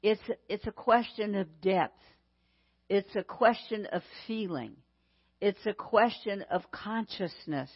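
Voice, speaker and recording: A woman preaches a sermon with slow, deliberate delivery. She drives points home by repeating phrases. Her voice sits at an ordinary pitch, and the recording is slightly dull and lo-fi. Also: breathy edge.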